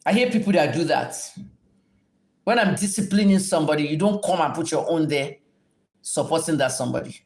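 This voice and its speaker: A deep, darkish voice comes from a middle-aged Nigerian woman speaking a little fast and animatedly. She lectures and curses at commenters during her livestream rant and Q&A, blunt, scolding and combative, with heavy profanity.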